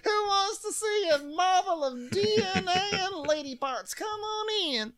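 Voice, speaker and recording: A man voicing a brash young woman hawking customers into a bar, in a loud sing-song call. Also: very high-pitched, lively intonation, measured pace, pitched above the performer's own voice, heavily acted.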